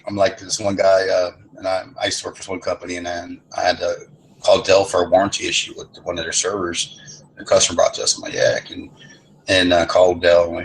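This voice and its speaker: Middle-aged man, gravelly, lowish voice, rambling stories, swears a lot, faint noise behind. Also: fairly even intonation, fast, rough recording. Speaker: lobby chat participant. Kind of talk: casual chat.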